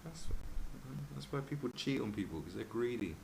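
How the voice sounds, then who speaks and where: A man's voice: fairly low pitch, expressive, moderate pace, vocal fry. A man hosting a podcast, ranting in casual, profane chat and mimicking other people's voices. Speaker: podcast host. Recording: noisy background.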